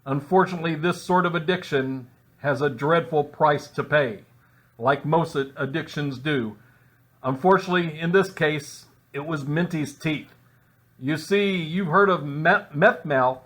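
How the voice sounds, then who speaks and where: A man narrating a mock-serious comedy exposé with deadpan delivery and rambling asides. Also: a little high, a little slow.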